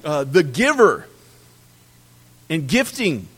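A man with a somewhat high voice delivers a sermon to his congregation. He preaches with animation, hitting words hard and then letting them fall quiet. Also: slow, slightly rough. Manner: animated preaching, swinging from loud emphasis to quiet drops. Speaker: pastor.

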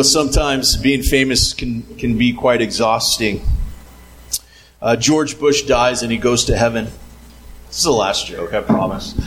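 A man telling jokes to a group in a casual, halting way, repeating words as he builds to punchlines. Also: medium pitch, a little hiss or hum, rough recording.

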